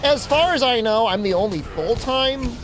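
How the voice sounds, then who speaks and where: Male streamer, young adult, high and very lively voice, chatty storyteller, faint music behind. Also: moderate pace. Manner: chatty, animated storytelling with laughs. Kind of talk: casual chat while gaming.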